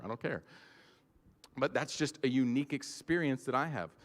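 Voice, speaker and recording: A young male pastor, preaching a sermon in a loose, chatty storytelling style. His voice sits mid-pitch and carries a long reverb from a large hall. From Georgia, US. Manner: casual, storytelling, filler-heavy.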